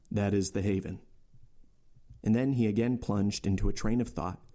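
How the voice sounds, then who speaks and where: A man narrating a classic novel for his podcast, measured and steady. His voice is fairly low, with a mellow, soft tone. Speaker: podcast host reading a novel aloud. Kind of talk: audiobook narration.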